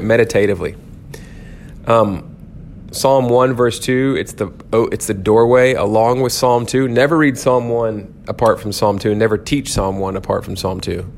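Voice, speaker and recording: A man's voice: on the low side, gravelly, a little hiss or hum. Casual, self-correcting male Bible teacher. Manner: conversational, self-correcting, frequent "um" and "okay?". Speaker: church teacher. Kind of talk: informal Bible lecture.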